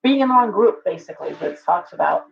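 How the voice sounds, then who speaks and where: A woman's voice: mid-range voice, lively intonation, fast, vocal fry. A woman hosting a casual live-stream tarot reading. She talks it through aloud with chatty restarts and greets viewers by name. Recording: dull lo-fi stream audio.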